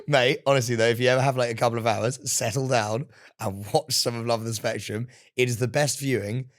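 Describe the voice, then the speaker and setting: British guy, podcast co-host, excitable, swears a lot, mid pitch. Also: normal speed. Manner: excitable, swears freely, bursts into loud outbursts. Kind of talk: casual chat.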